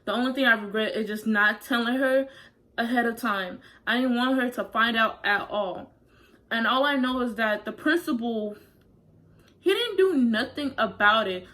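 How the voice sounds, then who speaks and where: Young woman telling a painful story, voice a little high. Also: sharp tone, rough recording. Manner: candid, confessional, casual chat. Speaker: vlogger. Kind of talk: personal storytime vlog.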